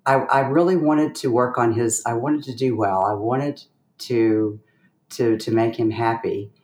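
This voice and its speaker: A middle-aged woman, a pianist guest in an interview, telling stories in a lively, chatty way with bursts of laughter. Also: a bass voice, measured pace, reverberant. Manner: animated storyteller with bursts of laughter. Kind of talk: casual interview storytelling.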